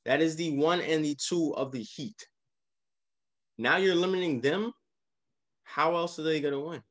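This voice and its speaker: A man co-hosting a casual sports podcast, walking through game recaps with lively emphasis. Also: fairly high pitch, measured pace. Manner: animated, leads the game recaps. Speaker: podcast co-host.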